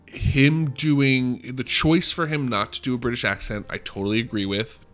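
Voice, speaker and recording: A man's voice: medium pitch, normal speed, a bit bright. A man co-hosting a podcast in casual movie-review chat, emphatic and laughing, swearing freely. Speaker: podcast co-host.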